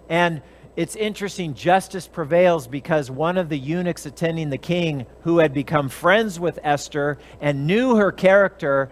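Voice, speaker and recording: High-voiced man preaching conversationally. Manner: animated storytelling, briefly acting out characters' lines. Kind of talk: conversational Bible teaching.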